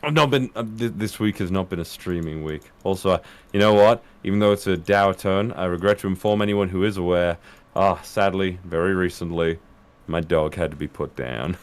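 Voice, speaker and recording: A man's voice: sits low, normal speed. A man from Birmingham with an English accent, chatting casually and playfully on a panel, swearing now and then. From Birmingham, England. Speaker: voice actor panelist.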